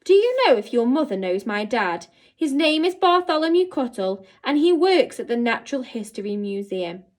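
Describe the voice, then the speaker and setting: A woman voicing an earnest, gentle young boy in a storybook reading, speaking in a patient, coaxing way. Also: fairly high pitch, sing-song, moderate pace, few pauses.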